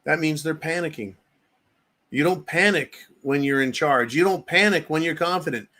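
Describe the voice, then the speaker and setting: A man's voice: fairly high pitch, moderate pace, sharp tone. A middle-aged man hosting a political commentary show, ranting angrily with profanity and sarcastic mock quotes.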